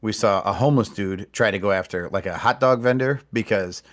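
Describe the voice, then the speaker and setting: A man's voice: on the low side, a little fast. A man hosting a podcast, telling stories in casual chat and swearing freely. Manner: storytelling with heavy profanity. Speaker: podcast host.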